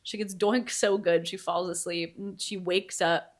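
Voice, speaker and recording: A woman's voice: steady tone, measured pace. A young woman co-hosting a podcast, telling a story casually and breaking into laughter. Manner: laughing, storytelling in a slightly higher voice. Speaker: podcast co-host. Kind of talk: casual chat.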